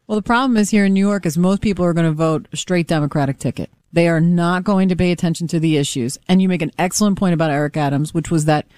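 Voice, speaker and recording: A woman co-hosts talk radio and tells a story at a fast clip, acting out each side of the exchange. Her pitch is middling. The sound is close and dry on a studio microphone. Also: dry recording. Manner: animated storyteller who acts out quoted dialogue. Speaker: radio co-host. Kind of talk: casual talk radio chat.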